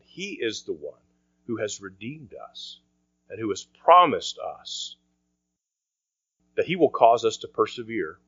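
A man preaching a sermon as pastor, earnest, often dropping to a quiet voice for emphasis. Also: fairly low pitch, no echo. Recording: dry, dull lo-fi sound.

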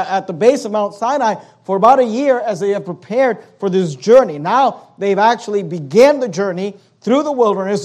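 High-voiced pastor preaching with emphasis. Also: male voice, darkish tone. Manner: emphatic preaching with rhetorical questions and frequent restarts. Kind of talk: sermon.

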